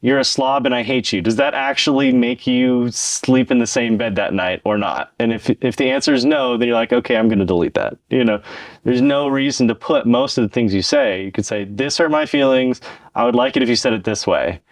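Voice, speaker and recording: A man with an expressive, creaky mid-range voice talks a little fast on an echo-free podcast he co-hosts. He discusses relationships casually and earnestly, explaining at length and acting out what people say to each other.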